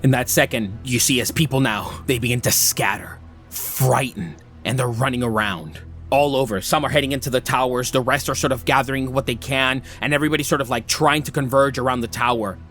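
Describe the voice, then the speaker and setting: A man narrating a tabletop game as game master, describing scenes in an unhurried, descriptive way. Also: medium pitch, fairly bright tone, faint music behind.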